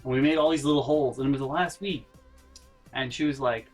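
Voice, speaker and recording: An animated young man tells stories straight to camera in a casual vlog, jumping into little voices and sound effects as he goes. His pitch sits right in the middle for a man, and faint music plays quietly beneath him. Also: fast talker. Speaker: vlogger telling college stories.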